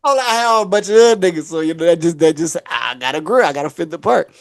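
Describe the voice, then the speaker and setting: This podcast host talks very fast in a fairly high male voice, recorded in a clean studio with no echo. He spins a long, casual story, animatedly acting out other people's voices and laughing often.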